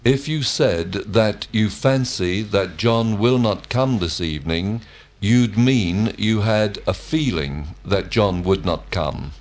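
A man answering lesson questions in slow, complete sentences. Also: on the low side. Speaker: model student. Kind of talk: scripted drill answers.

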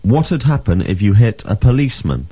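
A man teaching a language lesson, reading drills and asking questions with clear, emphatic delivery. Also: fairly low pitch, very animated, brisk, dark tone, no echo.

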